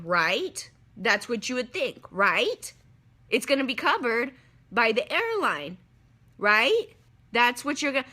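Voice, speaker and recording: A young woman telling a travel mishap to her stream viewers in a hotel room, casual and animated, swearing freely and calling her viewers "y'all" into a phone. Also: on the high side, a little slow. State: upset after crying. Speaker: livestreamer telling a travel story.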